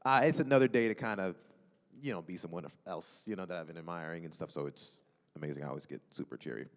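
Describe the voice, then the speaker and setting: A man's voice: low-pitched, fast. A young man talking casually and friendly on a convention panel, often restarting his sentences. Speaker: voice actor panelist. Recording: long hall reverb.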